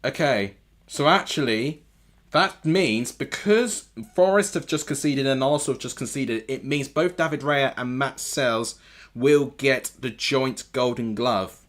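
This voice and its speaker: Speaking at a measured pace in a mid-range, slightly bright voice, a man hosts a live football watchalong stream from a home room with a TV. He reacts to the game and frequently corrects himself out loud.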